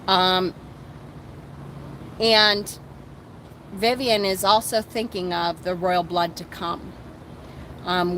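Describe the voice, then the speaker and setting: A woman hosting a casual book discussion, reading passages aloud and commenting in a chatty, animated way with lots of fillers, recorded outdoors on sand. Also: lowish voice, slight background noise, poor audio.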